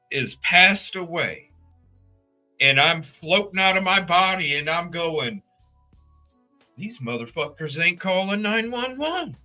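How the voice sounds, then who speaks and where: A man hosting a casual true crime livestream, talking straight to his chat viewers in an animated, profane, rambling way. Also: fairly high pitch.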